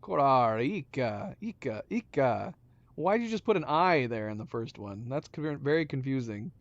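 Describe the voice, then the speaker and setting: A man playing a puzzle game and commenting as he goes, mumbling to himself and then breaking into loud surprised outbursts. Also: mid-range voice, dry recording. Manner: excitable, quick swings between mumbling and loud exclaims. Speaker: gaming channel host. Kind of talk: let's play commentary. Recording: dull lo-fi sound.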